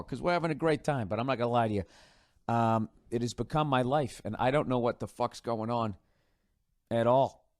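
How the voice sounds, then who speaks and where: A man's voice: medium pitch, normal speed, a little mellow, no room sound, studio quality. A man in his forties with a Boston accent hosts a podcast, rambling casually in a sarcastic, profane, offhand way. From United States. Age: 40s. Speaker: podcast host.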